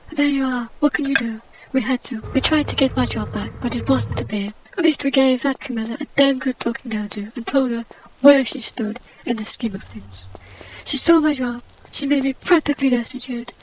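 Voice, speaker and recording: A woman's voice: high voice, fairly quick, darkish tone, a little hiss or hum, close to an everyday voice, low-quality recording. Woman doing a snooty posh Lara Croft. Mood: indignant. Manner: snobbish, rambling, indignant gossip. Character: haughty posh English adventurer heroine, out of work and bitter. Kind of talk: comedic gameplay commentary.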